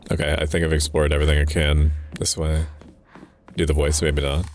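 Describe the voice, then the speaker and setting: A young man with a very low, deep voice talks through a game stream in loose, rambling commentary. He cracks jokes, breaks off mid-thought, and curses offhandedly, with a faint hiss of noise behind him. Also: level tone, brisk. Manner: rambling, joking, self-interrupting, swears casually. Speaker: VTuber streamer. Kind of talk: casual gameplay commentary.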